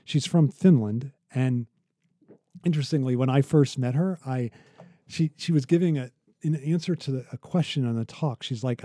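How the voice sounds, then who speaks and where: A man co-hosts an academic podcast in a relaxed, conversational way. His voice is very dark and mellow, recorded dry and close. He talks in halting bursts with frequent restarts as he tells a story. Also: mid-range voice, no echo. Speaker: podcast co-host.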